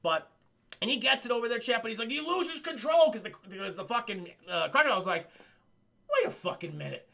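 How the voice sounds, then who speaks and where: A man's voice: extremely high pitch, animated, a little fast, pushed and bright. A man recapping a film on a livestream in a casual, profane way, talking to his chat. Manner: swears freely and keeps addressing chat. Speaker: streamer and film reviewer.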